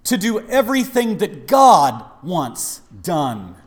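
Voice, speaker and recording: A man's voice: medium pitch, expressive, takes it slowly. A man preaching a dramatic sermon in a church, acting out the voices of people in the story. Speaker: pastor. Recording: long reverb of a large hall.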